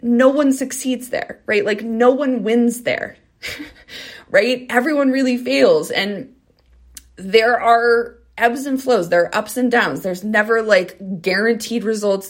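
A woman in her thirties, a dog trainer hosting her own podcast, talking earnestly and conversationally to listeners and often checking in with "right?" and "okay?". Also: on the high side. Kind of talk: solo podcast monologue.

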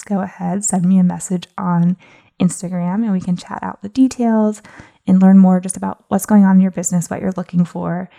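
A woman's voice: fairly low pitch, vocal fry, warm tone. A young woman hosting a podcast as a business coach, chatty and encouraging, with lots of filler words. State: out of breath. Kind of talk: casual solo podcast talk.

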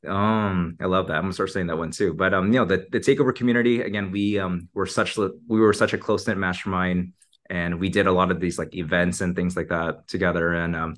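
A man's voice: sits low, steady tone, brisk, fairly bright tone. A man talking as a podcast guest in a casual, upbeat way, with many "like" and "you know" fillers. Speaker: podcast guest, marketing entrepreneur. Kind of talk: casual conversational interview.

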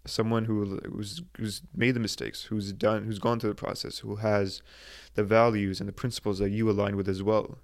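A young man hosting his own podcast, talking earnestly and haltingly in a motivational monologue, with many restarts and filler words. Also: on the low side, level tone. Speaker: podcast host.

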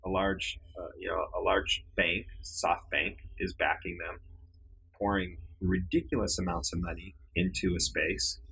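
A man with a low, gravelly voice talking as an interview guest. His tone is rough and raspy throughout. He tells stories casually, doubling up words as he gets going. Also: measured pace, poor audio. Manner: repeats words when starting sentences, animated storyteller. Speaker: guest, storage business founder.

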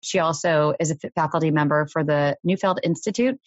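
A woman with a slightly low voice gives parenting advice in a calm, measured, explanatory manner. The sound is dry and a little dull, like a lo-fi home recording. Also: no room sound. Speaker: parenting podcast host. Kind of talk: advice talk.

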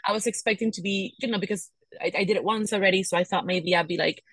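A woman's voice: medium pitch, fast, fairly bright tone, breathy edge. Tired pregnant woman venting candidly. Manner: emotional, venting, frequent "right?" asides. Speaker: podcast co-host. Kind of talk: candid casual chat.

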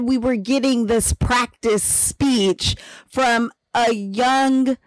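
A woman's voice: on the high side, dry recording, poor audio. Earnest reflective woman co-host. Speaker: podcast co-host. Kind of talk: casual faith chat.

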